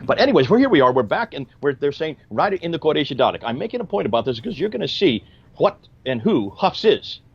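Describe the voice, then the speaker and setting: Emphatic guy explaining stuff, lots of rhetorical questions, bouncy pitch, kinda muffled recording. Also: big pitch swings, fast talker, vocal fry, slightly rough. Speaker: Christian apologist explaining history. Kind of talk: lecturing discussion.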